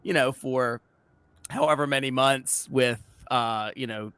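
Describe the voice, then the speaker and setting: A man's voice: medium pitch, unhurried, fairly bright tone, smooth, no room sound. A man interviewing a guest casually, asking rambling questions full of fillers.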